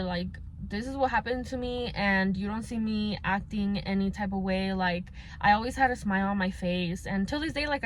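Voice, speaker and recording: A woman's voice: fairly high pitch, a bit bright. A young woman speaks candidly into the camera, looking back on a painful time in her life. Her talk is casual, full of fillers, and she switches into Spanish words mid-sentence. A faint noise sits under the recording. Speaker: vlogger. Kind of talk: personal storytelling.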